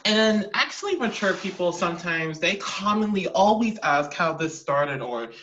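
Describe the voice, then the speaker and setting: A man's voice: high-pitched, lively intonation, moderate pace, a bit bright, a little hiss or hum. A teenage male podcast host talking casually, defensive and exasperated, rambling as he explains himself. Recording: dull lo-fi recording.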